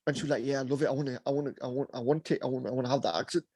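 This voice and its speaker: A man's voice: medium pitch, steady tone, racing, darkish tone, no room sound. A man with a Bradford Yorkshire accent, co-hosting a casual podcast and telling stories, mimicking other people's voices. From England. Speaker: podcast co-host. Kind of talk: casual chat.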